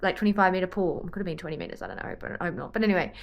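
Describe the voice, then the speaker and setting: A woman's voice: lowish voice, sing-song, very fast, vocal fry, highs cut off. A young Australian woman chatting to camera in a rambling, easily sidetracked way about her day. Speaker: vlogger and triathlete. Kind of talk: casual chat to camera.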